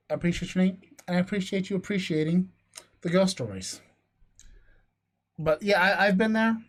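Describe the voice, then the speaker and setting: A man on a podcast reading a ghost story aloud in a hushed, suspense-building way, stumbling over words now and then. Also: high-pitched. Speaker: podcast co-host. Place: near Las Cruces, New Mexico.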